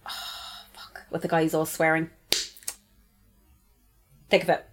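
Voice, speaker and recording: A woman's voice: sits low, completely flat delivery, measured pace, noisy background. A woman, co-hosting a casual podcast chat, sarcastic and sweary, often mimicking people. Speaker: podcast co-host.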